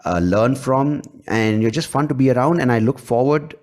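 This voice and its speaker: A man's voice: mid-range voice, moderate pace, a little mellow. A man hosting a podcast, talking bluntly and animatedly, swearing freely. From India. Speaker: podcast host. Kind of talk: casual interview chat.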